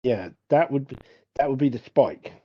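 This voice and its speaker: A man playing in a tabletop game over online voice chat, making short, direct moves and asking quick questions. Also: mid-range voice, lively intonation, breathy edge, dry recording, lo-fi sound. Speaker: player.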